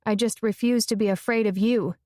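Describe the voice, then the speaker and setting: A woman's voice: medium pitch, fairly even intonation, fairly quick, warm tone, dry recording, clean studio sound, natural voice. Woman voicing a fiery, blunt young woman. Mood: forthright. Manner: emphatic, forthright.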